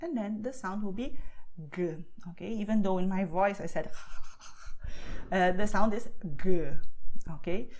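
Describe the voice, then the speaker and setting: A woman's voice: mid-range voice, fairly quick, hardly any pauses, darkish tone. Patient Spanish-accented woman teaching. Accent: Castilian Spanish. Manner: patient, checks in with "okay?" often. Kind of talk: explaining a beginner lesson.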